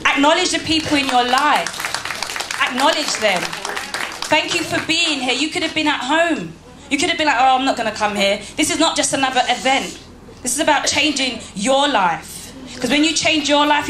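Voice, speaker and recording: High-pitched and bright, with lively intonation at a normal speed, a motivational speaker rallies a live church-hall audience. She is emphatic, hurling rhetorical questions at the crowd while the roomy hall adds faint ambience.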